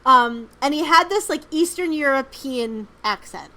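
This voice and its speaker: Woman, podcast co-host, casual chat, rambling storyteller, filler words, swears, slightly high pitch. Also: expressive, a little slow, sharp tone, slight background noise, low-quality recording.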